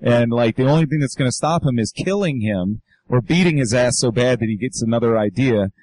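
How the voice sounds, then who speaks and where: A man's voice: medium pitch, fairly quick, darkish tone, dry recording, rough recording. A man in casual podcast chat, musing in a rambling, profane way about human nature.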